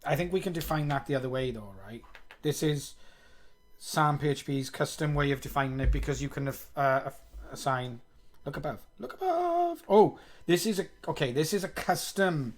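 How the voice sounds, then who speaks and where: A man's voice: medium pitch, normal speed. A man streaming himself coding live, thinking aloud, reading code under his breath and poking fun at himself. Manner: muttering, self-mocking, reads code aloud.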